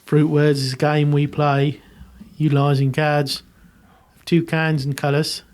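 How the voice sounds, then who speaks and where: A man's voice: fairly high pitch, little pitch movement, measured pace, darkish tone. A man co-hosting a comedy podcast, explaining a game and improvising with plenty of ums. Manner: hesitant, lots of ums while improvising. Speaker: podcast co-host.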